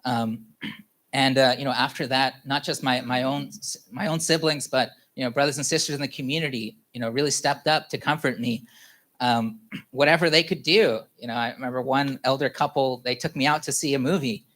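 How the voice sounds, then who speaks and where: A male pastor telling a personal story in his sermon, candid, full of fillers and quick laughs. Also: mid-range voice, fairly even intonation, a bit bright.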